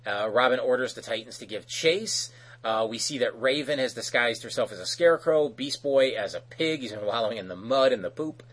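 Man, podcast host, husky voice, rambling casual recap, lots of fillers. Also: medium pitch, fairly quick, a bit bright.

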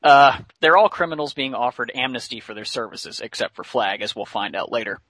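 A chatty man walking through a cartoon episode in a loose, casual recap, laughing often and full of fillers. His voice is bright and forward, with a dry, close sound and no room echo. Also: medium pitch, lively intonation, a little fast, husky.

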